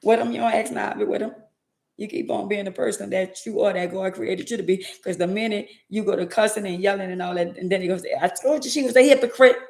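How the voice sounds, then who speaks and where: A woman's voice: medium pitch, steady tone, quick pace, creaky, darkish tone, echoey room. A woman vlogger giving an emphatic, preachy faith-based motivational monologue with lots of repetition.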